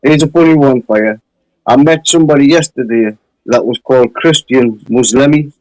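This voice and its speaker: A man's voice: mid-range voice, moderate pace, a little mellow, no echo, lo-fi sound. A man, chatting casually in a jokey, sweary way. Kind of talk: casual chat.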